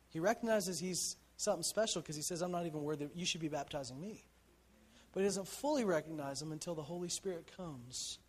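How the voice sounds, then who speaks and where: A man's voice: a little high, slightly rough. A male pastor preaching a sermon in a conversational storytelling way, acting out the people in the story and often asking "right?". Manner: animated storytelling, acts out quotes, shouts for emphasis.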